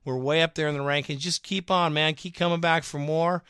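Bright, crisp-voiced male podcast host. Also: fairly quick, no echo, studio quality. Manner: chatty and sarcastic, swings between animated and low asides. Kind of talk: casual podcast commentary, reading fan comments.

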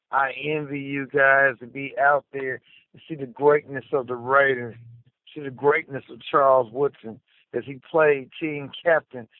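Fired-up fan calling in over phone. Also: male voice, medium pitch, no echo. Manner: passionate, profane, chant-like repetition. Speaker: caller. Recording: tinny phone line.

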